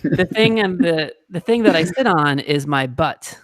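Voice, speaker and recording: A man's voice: fairly high pitch, animated, unhurried, no echo, studio quality. A man hosting a casual podcast chat, playful and teasing, laughing often as he talks. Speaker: podcast host. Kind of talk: casual chat and read sponsor message.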